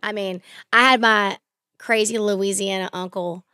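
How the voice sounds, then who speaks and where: A young woman and country singer telling stories in casual podcast chat, animated, swearing freely, and acting out what people said. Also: mid-range voice, measured pace, clean tone, dry recording, studio quality. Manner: animated, swearing, acts out quotes in bursts. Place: podcast studio.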